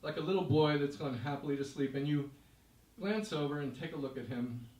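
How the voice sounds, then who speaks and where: A man's voice: a little high, a little mellow. Man telling a story on stage, echoey. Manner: second-person narration, vivid and measured. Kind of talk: live storytelling performance. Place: stage in a hall. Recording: echoey room, voice from far off.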